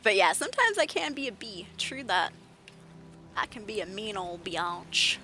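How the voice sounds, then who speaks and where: Streaming a game, a young adult woman speaks at a moderate pace in a medium-pitched voice, with slight background noise. Her casual chat is full of lively storytelling in which she acts out whoever she's quoting.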